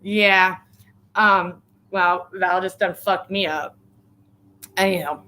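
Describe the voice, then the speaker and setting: A woman's voice: lowish voice, steady tone, slow, bright, forceful tone. A woman on a casual live stream, rambling and swearing with sarcasm, sometimes choked up as she reads viewers' comments. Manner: emotional, tearing up while reading viewers' comments. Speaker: vlogger.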